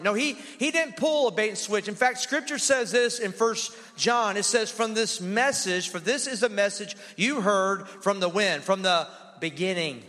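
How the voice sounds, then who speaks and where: Energetic high-voiced pastor preaching in a hall. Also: male voice, measured pace, few pauses. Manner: energetic, call-and-response with congregation. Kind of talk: sermon. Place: church sanctuary. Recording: long hall reverb.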